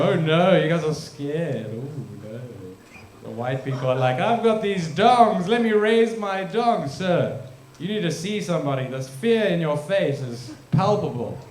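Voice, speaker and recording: A man's voice: a little high, darkish tone, a little hiss or hum. Rambling young man from South Africa. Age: young adult. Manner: rambling, self-deprecating, crude. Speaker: stand-up comedian. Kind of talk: stand-up set at open mic. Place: large room or hall, live stage. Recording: echoey hall.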